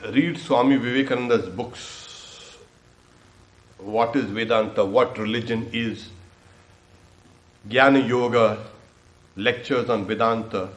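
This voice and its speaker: A man giving a spiritual talk as a swami, laughing often between points and jumping in pitch when he acts out questions. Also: slow pace, pauses often. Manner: laughs often, animated with lively pitch jumps. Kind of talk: sermon. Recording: echoey hall.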